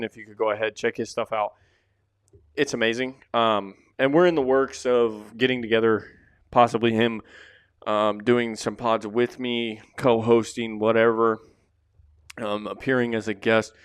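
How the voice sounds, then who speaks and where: A man's voice: mid-range voice, level tone, moderate pace, smooth, dry recording. A man hosting his own podcast, talking loosely and rambling with casual fillers, close up to the microphone. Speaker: podcast host. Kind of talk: casual solo podcast talk.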